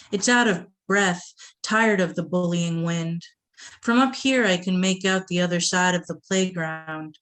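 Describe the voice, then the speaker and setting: Slow, low-voiced woman reading poems. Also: a bit bright. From Boston area. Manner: slow, measured delivery with asides to the audience. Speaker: poet reading her work. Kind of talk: poetry reading. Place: reading event before an audience.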